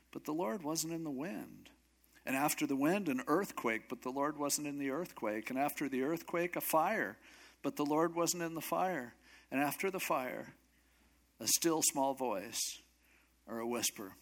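A man's voice: medium pitch, a bit bright. A man preaching a sermon who retells a Bible story in a casual, humorous, conversational way. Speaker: pastor.

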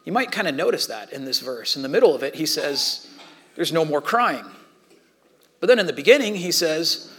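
Man, pastor, sermon, fairly high voice, conversational, loud-to-hushed swings. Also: big pitch swings, moderate pace, breathy edge.

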